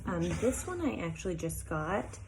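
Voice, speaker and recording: A young woman talks to her viewers in a relaxed, rambling vlog, sprinkling her sentences with ums and likes. Her voice sits low and has a gravelly fry to it. A faint hiss runs under the recording. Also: normal speed. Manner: chatty, with many ums and likes. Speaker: vlogger. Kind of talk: casual chat.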